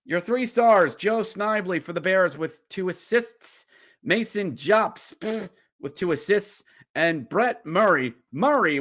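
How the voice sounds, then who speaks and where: A man hosting a podcast, recapping a hockey game as a fan, getting riled up and yelling during the play-by-play. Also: high voice. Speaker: podcast host.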